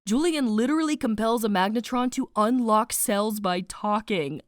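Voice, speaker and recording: A woman narrating a snarky animated book summary, playful and sarcastic, with slang asides and spoken sound effects. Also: fairly high pitch, normal speed, no echo, clean studio sound.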